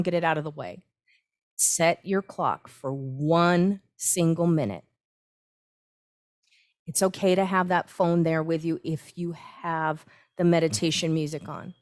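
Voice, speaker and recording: A woman's voice: fairly low pitch, no room sound, clean studio sound. Chatty, encouraging woman spiritual coach. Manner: chatty and encouraging, with filler words and restarts. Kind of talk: livestreamed talk.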